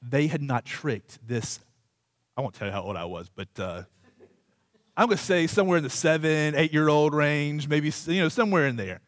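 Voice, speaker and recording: A man's voice: on the high side, animated, moderate pace, no room sound. A man preaching a sermon as pastor, telling a humorous, self-deprecating story in a conversational, rambling way with many asides. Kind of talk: sermon with a personal anecdote.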